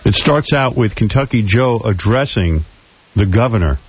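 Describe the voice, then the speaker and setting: A brash male radio host talks in a lively, swinging voice with a husky edge. He teases and jokes. The audio is dull and lo-fi, like an old broadcast. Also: on the low side, moderate pace. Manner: brash, teasing, animated. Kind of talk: radio talk show.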